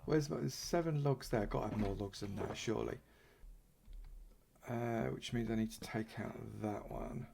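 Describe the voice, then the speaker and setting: A man's voice: lowish voice, normal speed, creaky, a little mellow, a little hiss or hum. Chatty man playing Minecraft. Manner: chatty and playful, thanking supporters. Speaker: Minecraft YouTuber. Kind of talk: casual gameplay commentary.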